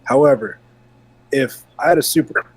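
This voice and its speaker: A man co-hosting a casual gaming podcast, talking in a relaxed, chatty way while bothered by hiccups. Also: mid-range voice, moderate pace, slightly rough, no room sound, poor audio. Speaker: podcast co-host.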